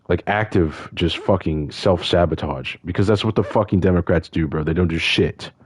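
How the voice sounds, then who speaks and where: A man's voice: low voice, measured pace, long pauses, slightly rough, no echo, clean studio sound. An upset man from the United States ranting in frustration and swearing constantly. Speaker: vlogger. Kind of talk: angry casual rant.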